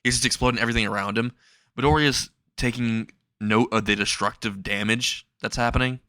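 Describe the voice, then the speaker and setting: A man's voice: medium pitch, fairly even intonation, brisk, sharp tone, no room sound. Young male narrator, casual and rambling, dry close sound. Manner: laughs at his own jokes, rambling. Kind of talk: casual comedic storytelling.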